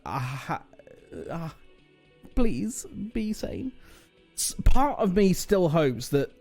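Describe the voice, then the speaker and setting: A man's voice: mid-range voice, dark tone. A man streaming a game, chatting casually with joking, rambling asides. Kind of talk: casual gaming commentary.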